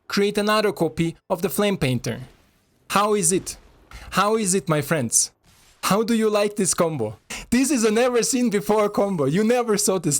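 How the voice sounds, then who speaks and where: A man giving casual, excitable commentary over a card game, swearing and talking to his viewers in non-native English. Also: high-pitched.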